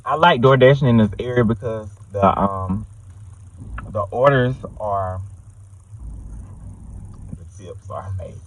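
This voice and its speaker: A man's voice: on the low side, measured pace, pauses often, low-quality recording. A man from South Carolina with a Southern accent, chatting casually and profanely in his car about life on the road. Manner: loose, profane, animated storytelling. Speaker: vlogger and delivery driver. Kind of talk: casual chat. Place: inside a car.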